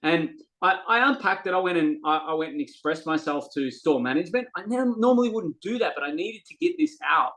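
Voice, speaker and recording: Fairly quick and with few pauses, a middle-aged man's voice sits on the high side as he tells a podcast story casually. He acts out quoted dialogue with animation and often restarts, all on a rough recording.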